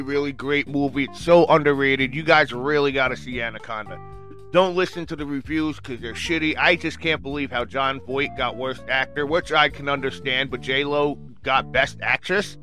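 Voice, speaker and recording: A man reviewing a movie in a casual rant, reading bits off a webpage out loud and getting worked up, with lots of swearing and filler words. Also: mid-range voice, normal speed, faint music behind. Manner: excitable, swears, keeps saying "freaking".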